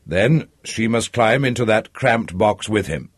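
A man narrating a literary audiobook in a measured, expressive way. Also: on the low side, husky, dry recording, clean studio sound.

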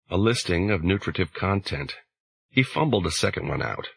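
Male audiobook narrator, deep and husky, measured delivery. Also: dry recording, poor audio. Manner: slow, measured, even. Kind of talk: scripted narration.

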